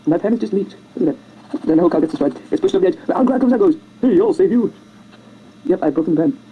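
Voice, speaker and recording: A speaker rambling through a comic retelling of a film over their own drawings, hurried and jokey, jumping into silly squeaky voices on a home computer mic. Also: lively intonation, slightly rough, muffled recording. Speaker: amateur storyteller narrating drawings.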